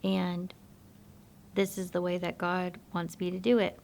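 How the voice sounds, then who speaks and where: A woman telling her personal faith testimony in a soft-spoken, halting, reflective way. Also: on the low side, completely flat delivery, gravelly, a little hiss or hum.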